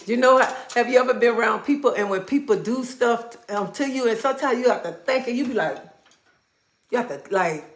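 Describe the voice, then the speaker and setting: A middle-aged woman hosting a casual livestream, telling animated stories to her viewers. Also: fairly high pitch, fairly quick. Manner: animated storytelling with Southern-style speech. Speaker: livestream host. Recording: echoey room.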